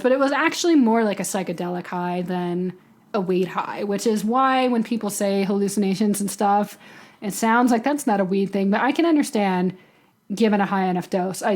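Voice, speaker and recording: A young woman co-hosting a laid-back podcast, talking frankly and reassuringly with some casual swearing. Her voice sits at a middle pitch for a woman. She explains things in plain, conversational terms. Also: darkish tone. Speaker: podcast co-host. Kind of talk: casual chat.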